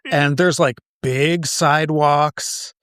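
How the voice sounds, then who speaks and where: A man's voice: fairly high pitch, fairly even intonation, slow pace, fairly bright tone, clean tone, no echo. A man co-hosting a casual chat, dry and skeptical, teasing his partner. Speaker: podcast co-host.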